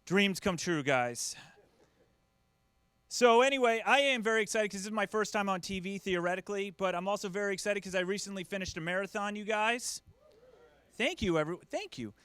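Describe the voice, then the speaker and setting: Self-mocking stand-up dad, high voice. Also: male voice, brisk, a bit bright, clear, resonant tone, dry recording. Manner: self-deprecating, acts out quoted voices. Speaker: stand-up comedian. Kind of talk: stand-up comedy set.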